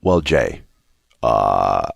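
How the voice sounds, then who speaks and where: A man's voice: extremely low pitch, sing-song, drawn-out words, vocal fry, husky, dry recording. A man co-hosting a podcast, chatting casually with dry jokes and teasing banter. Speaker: podcast co-host. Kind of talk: casual chat.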